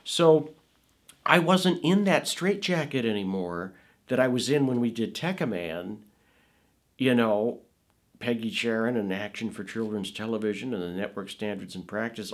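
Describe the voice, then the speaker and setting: Middle-aged guy telling stories in an interview, lowish voice, gets lively then trails off quiet. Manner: animated storyteller, trailing off softly at phrase ends. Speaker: film producer interviewee. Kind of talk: casual interview recollection. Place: Woodland Hills, California.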